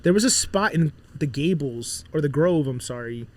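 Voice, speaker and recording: A man from Miami in his thirties, a podcast guest telling lively stories in casual chat and acting out the voices of people he quotes. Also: fairly high pitch, moderate pace. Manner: animated storyteller, acts out quotes.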